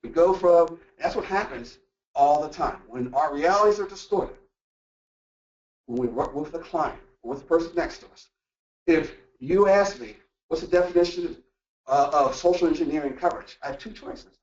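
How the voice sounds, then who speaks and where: A man presenting a motivational workplace talk, animated and full of rhetorical questions. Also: fairly high pitch, moderate pace. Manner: animated, acts out quoted voices and asks rhetorical questions. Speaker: workshop presenter. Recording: echoey room, distant mic, dull lo-fi sound.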